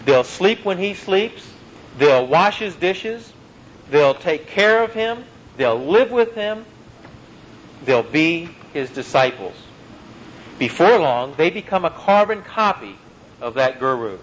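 A man preaching a sermon, slowing down and dropping low on key phrases and mixing in homely stories. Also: sing-song, a little hiss or hum, poor audio. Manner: emphatic, slows and drops low on key phrases, folksy anecdotes.

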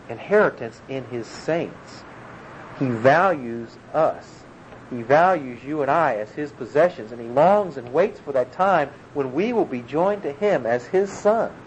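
A man preaching an earnest, emphatic sermon, explaining a scripture passage verse by verse. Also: mid-range voice. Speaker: pastor. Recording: dull lo-fi recording with faint room noise.

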